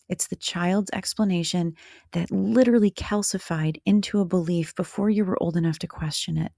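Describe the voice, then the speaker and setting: Low, gravelly-voiced woman podcaster. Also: steady tone, moderate pace, mellow, no room sound, studio quality. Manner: candid, motherly and direct, with blunt asides. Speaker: podcast host. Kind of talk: reflective podcast monologue addressed to the listener.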